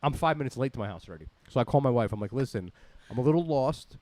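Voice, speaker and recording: Fast-talking man spinning a profane story. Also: medium pitch, no room sound. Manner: rambling, animated, swears a lot. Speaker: podcast host telling a story.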